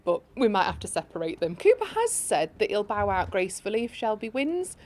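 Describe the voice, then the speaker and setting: A woman parent interviewed for the news, talking in an animated way. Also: medium pitch, fairly quick.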